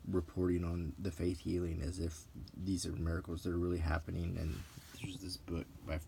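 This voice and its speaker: Low, gravelly-voiced man talking softly. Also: completely flat delivery, a little hiss or hum. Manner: meandering and unhurried, with frequent ums and self-corrections. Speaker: vlogger. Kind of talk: soft-spoken show-and-tell commentary.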